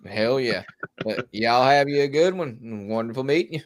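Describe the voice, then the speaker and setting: A man, a guest on a casual livestream, relaxed and profane. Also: medium pitch, normal speed. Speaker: podcast guest.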